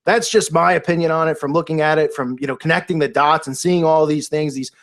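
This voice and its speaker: A man's voice: fairly high pitch, steady tone, brisk, fairly bright tone. A man talking in a casual, unscripted monologue, rambling and incredulous, with many restarts and fillers. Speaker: video commentator.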